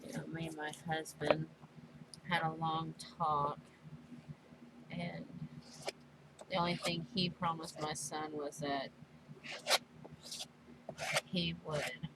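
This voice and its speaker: Woman, middle-aged, lowish voice, slow halting chat, noisy background. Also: flat delivery. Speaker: crafting vlogger. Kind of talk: casual chat while crafting.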